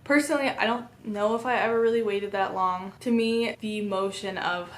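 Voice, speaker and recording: Calm woman explaining baby sleep steps. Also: mid-range voice, moderate pace. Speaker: parenting educator. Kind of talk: instructional talk to camera.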